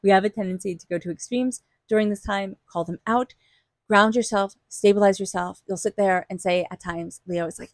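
A woman's voice: medium pitch, fairly even intonation, fairly quick, no echo, studio quality. A woman giving a casual tarot reading, chatty and reassuring, laughing often and speaking straight to the listener. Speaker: tarot reader.

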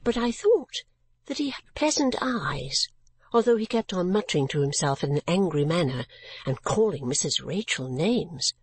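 A woman narrating a classic novel as an audiobook, in a gentle, measured storytelling manner. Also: on the low side, sing-song, husky, no echo.

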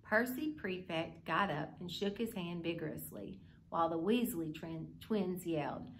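A woman's voice: fairly low pitch, unhurried. A woman hosting a children's library club, reading a story aloud and showing a simple craft in an upbeat, kid-friendly way.

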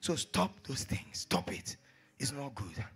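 A man preaching a sermon, repeating phrases and swinging between hushed asides and shouted exhortations. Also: mid-range voice, sing-song, measured pace, vocal fry, husky.

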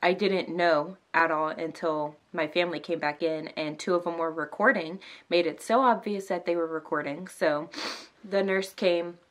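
Young woman, vlogger, teary, emotional, casual chat, filler words, slightly low voice. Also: normal speed. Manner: emotional, near tears, many "like" and "um" fillers. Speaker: vlogger, new mother.

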